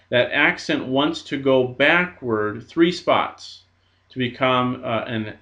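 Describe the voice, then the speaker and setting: A man's voice: mid-range voice, fairly bright tone. Methodical male teacher, dull lo-fi sound. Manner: patient, methodical, frequent uh fillers. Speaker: Greek teacher. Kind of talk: recorded lesson. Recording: dull lo-fi recording.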